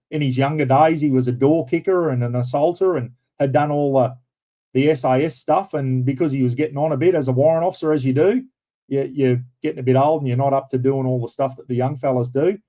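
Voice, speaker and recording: Mellow-voiced Australian man spinning army yarns. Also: medium pitch. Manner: rambling army yarns, swears freely. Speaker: livestream host. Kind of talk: casual storytelling.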